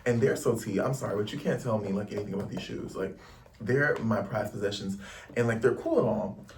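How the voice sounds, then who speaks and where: A man's voice: on the low side, fairly quick, gravelly, recorded from a distance, a little hiss or hum. A young man from the United States talking casually to camera in a rambling, slangy travel vlog. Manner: chatty, rambling, slangy, lots of "like". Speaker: travel vlogger. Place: indoors in a Paris lodging.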